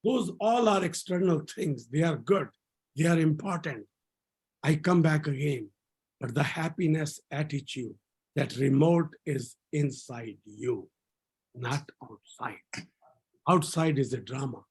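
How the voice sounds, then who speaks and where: A man with a notably high voice leads a laughter yoga class over a video call. He is energetic and repeats key phrases so the group can echo them back. The call audio is plain. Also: unhurried, breathy edge. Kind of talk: leading an online group session.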